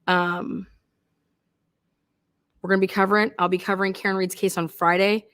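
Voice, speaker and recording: A woman hosting a true crime livestream, ranting casually and loudly with a lot of swearing. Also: mid-range voice, normal speed. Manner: rowdy, swearing, animated. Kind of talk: casual profane livestream rant.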